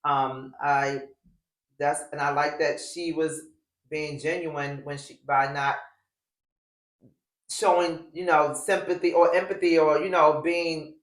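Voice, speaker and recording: A woman's voice: low voice, fairly even intonation, slow pace, long pauses. Blunt rambling woman in an echoey room. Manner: blunt, swears freely, rambling with many fillers. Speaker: recap show host. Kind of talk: casual chat.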